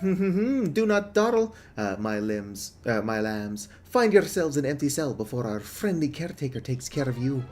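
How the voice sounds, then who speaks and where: A man voicing a sinister male jailer who gloats slowly over the new prisoners in a game. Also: a little high, sing-song, darkish tone. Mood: gloating.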